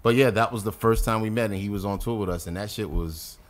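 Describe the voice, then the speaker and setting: A middle-aged man from North Carolina settles in as a podcast guest and tells long stories. He swears freely, acts out what others said, and talks in a somewhat low voice. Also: quick pace. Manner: animated, profane storyteller who acts out quotes. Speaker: guest rapper. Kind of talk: casual podcast storytelling.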